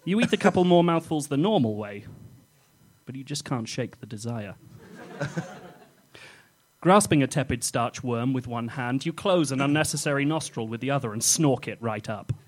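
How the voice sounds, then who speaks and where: Man reading a comic story, animated and playful. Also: mid-range voice, normal speed. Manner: playful, often breaking into laughter. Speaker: podcast host reading his own comic story. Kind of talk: comic second-person narration.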